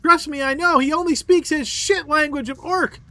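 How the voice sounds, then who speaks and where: A man's voice: very high-pitched, steady tone, moderate pace, bright, forceful tone, no echo, pitched above the performer's own voice, exaggerated voice. A game master voicing a flustered, boastful male elf bard who is held captive, chattering and stammering in a theatrical way. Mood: haughty. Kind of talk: tabletop role-play voice acting.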